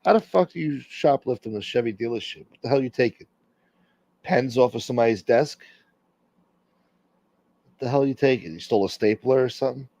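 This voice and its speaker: A man rambles crudely through a casual livestream, swearing freely as he reads out the chat. His voice sits at a middling pitch. The sound is dry and a bit dull, like a lo-fi setup. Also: brisk, long pauses, darkish tone, dry recording. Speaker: livestream host reading chat.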